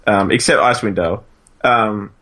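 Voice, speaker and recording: A man's voice: on the low side, moderate pace, sharp tone. A man co-hosting a casual podcast, rambling self-deprecatingly about games he plays. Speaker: podcast co-host.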